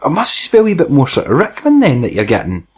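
A man's voice: on the high side, wildly swooping pitch, quick pace, breathy edge. A man with a Scottish accent, chatting casually about a film as a podcast co-host. He swears freely and laughs often.

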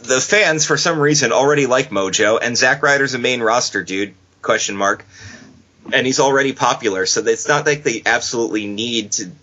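Chatty man with a bright voice. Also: mid-range voice, slightly rough. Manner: chatty, joking, quick asides. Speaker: podcast host. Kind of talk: casual wrestling podcast chat. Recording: dull lo-fi podcast audio.

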